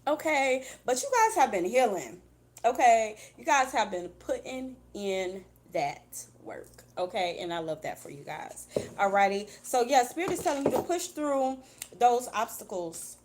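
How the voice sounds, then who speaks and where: A woman's voice: fairly high pitch, lively intonation, unhurried, darkish tone, a little hiss or hum. A woman doing a casual tarot reading for her viewers, chatty and blunt, swearing freely and calling them "baby.". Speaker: tarot reader.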